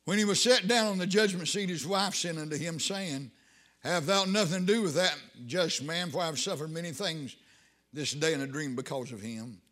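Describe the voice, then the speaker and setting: A man's voice: a little high, moderate pace, a bit bright. A man preaching a sermon in an emphatic, rising style, with folksy Southern grammar.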